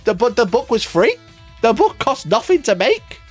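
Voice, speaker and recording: A man's voice: high voice, huge pitch swings, brisk, soft background music. A man ranting on a casual livestream, exasperated and sarcastic, swearing often and laughing at himself. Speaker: wargaming YouTuber reacting to a video.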